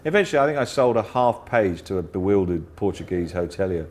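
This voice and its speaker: A man being interviewed as a guest comedian, telling anecdotes in a lively way and mimicking other people's voices. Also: low-pitched, fairly quick. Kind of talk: casual interview chat.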